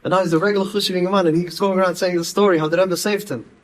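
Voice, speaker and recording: Guy telling stories, animated, says things twice for emphasis. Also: high-pitched, fast talker, rough recording. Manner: animated, repeats words for emphasis. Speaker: speaker. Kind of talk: storytelling talk.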